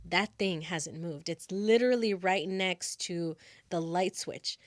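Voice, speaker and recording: A young adult woman hosting a podcast, telling a story in a casual, animated way and acting out the scenes. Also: fairly low pitch, takes it slowly, no room sound. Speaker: podcast host.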